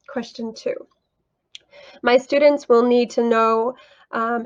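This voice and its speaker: A woman, an English teacher, walking through her lesson plan and online classroom tools in a clear, explanatory way. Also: fairly high pitch, lo-fi sound.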